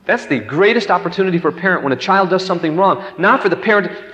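A man's voice: sits high, expressive, fast, hardly any pauses, bright, forceful tone, long reverb tail, lo-fi sound. A man preaching a sermon and telling a children's story, acting out its voices.

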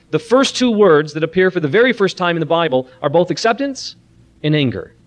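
A man leading a Christian parenting seminar, praying softly and then preaching earnestly and animatedly to a room of listeners. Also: fairly high pitch. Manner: earnest, animated preaching with a soft-voiced prayer. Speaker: seminar speaker. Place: room with an audience.

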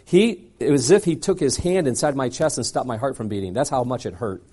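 A man preaching a sermon, telling a personal story with lively drama, moving from loud punchy lines to quiet low asides. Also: brisk, husky. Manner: animated, dramatic storyteller who acts out dialogue.

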